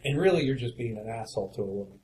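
Man interviewing in a measured way. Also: medium pitch, expressive, darkish tone, slight background noise, low-quality recording. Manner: measured, thoughtful questioning. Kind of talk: interview conversation.

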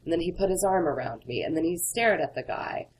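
A woman's voice: on the low side, animated, a little fast, darkish tone, a little hiss or hum, poor audio. A woman author in an interview, talking earnestly and candidly through personal stories. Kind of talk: interview conversation.

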